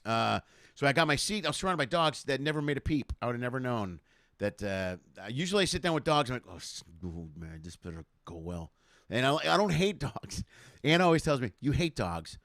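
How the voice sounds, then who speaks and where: Fast-talking man telling comic road stories. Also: medium pitch, dry recording, clean studio sound. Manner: rambling, chatty, animated storytelling with asides. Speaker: comedian hosting a livestream show. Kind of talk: casual stand-up storytelling. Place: home room. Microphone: home webcam setup.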